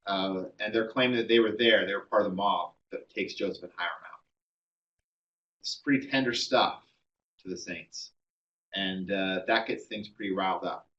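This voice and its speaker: A man's voice: deep voice, moderate pace, a bit bright, recorded from a distance, lo-fi sound. A man giving a classroom history lecture, telling the story conversationally with many ums and uhs.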